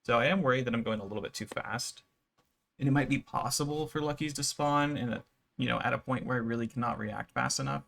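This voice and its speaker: Man, gravelly voice, casual game commentary, relaxed and rambling, fillers. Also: mid-range voice, fast. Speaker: gaming YouTuber.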